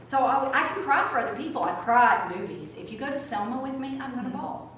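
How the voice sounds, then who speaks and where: A woman teaching a small group, swinging from soft asides to loud outbursts. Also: fairly high pitch, expressive, fast. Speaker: spiritual teacher. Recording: echoey room from a distance, faint noise.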